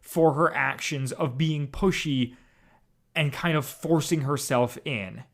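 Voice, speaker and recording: A man talks casually on a podcast, his voice sitting a little high for a man. He rambles and restarts his sentences in an animated way. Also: slow pace. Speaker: podcast co-host. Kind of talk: casual chat reviewing an audio drama.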